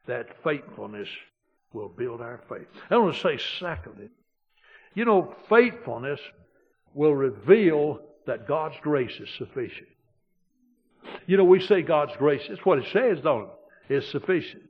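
A man, a pastor preaching a homespun storytelling sermon that drops quiet and then swells loud for emphasis. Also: medium pitch, slightly rough. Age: 60s. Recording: dull lo-fi recording.

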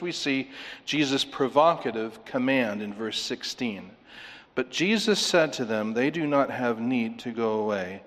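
A man's voice: on the high side, in a large hall. A man preaching an expository sermon, emphatic and questioning his listeners as he works through a text. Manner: emphatic, asks the congregation questions. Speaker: pastor.

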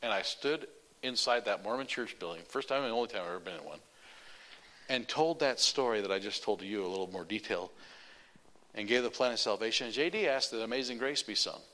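A male preacher telling a personal story in a sermon, animated, running sentences on with repeated "and". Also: fairly low pitch, brisk.

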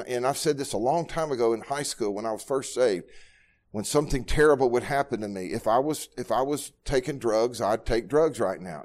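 A man, preaching a sermon at a Bible study, telling personal stories earnestly and moving from quiet, low passages to loud, raised ones. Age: 60s. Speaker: pastor.

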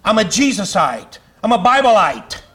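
High-voiced fiery male pastor preaching. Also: sing-song, measured pace, fairly bright tone. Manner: fiery, conversational preaching with asides and laughs. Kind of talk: sermon. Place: church sanctuary.

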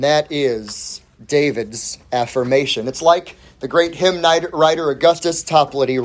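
A man preaching an expository sermon, reading scripture and then teaching from an outline, with deliberate phrasing that lets the ends of phrases sink low and soft. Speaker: pastor.

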